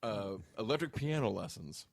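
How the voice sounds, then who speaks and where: Gravelly podcast co-host, very animated pitch, wry rambling storyteller. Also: male voice, normal speed. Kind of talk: casual comedic chat.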